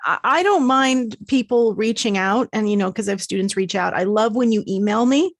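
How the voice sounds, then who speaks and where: A woman's voice: fairly high pitch, normal speed, dry recording. Candid woman. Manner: candid, conversational. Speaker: podcast co-host, voiceover teacher. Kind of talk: casual chat.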